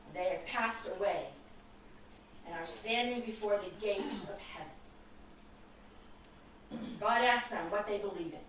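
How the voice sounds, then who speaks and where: An older woman minister preaches at a slow, easy pace, with a slightly high voice and a chatty, chuckling way of telling stories. She sounds far from the mic in a very echoey hall. Room noise carries behind her. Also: fairly bright tone. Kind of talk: sermon with a humorous story. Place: spiritual center hall.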